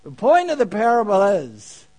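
With a high voice that swoops wildly in pitch and a slightly mellow quality, a man delivers a sermon at normal speed. He tells a humorous parable as a story, quizzes the congregation, and chuckles at his own jokes.

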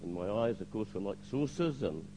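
A man's voice: lowish voice, expressive, brisk, warm tone, a little hiss or hum, rough recording. An older man giving a spoken testimony to a church congregation, hesitant with fillers, now and then acting out the lines he quotes.

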